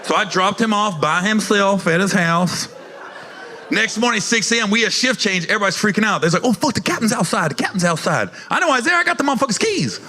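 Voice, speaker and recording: A man doing stand-up comedy, telling profane, animated stories and acting out the people in them. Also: high voice, quick pace, a little hiss or hum. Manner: animated, profane, acts out characters in quotes.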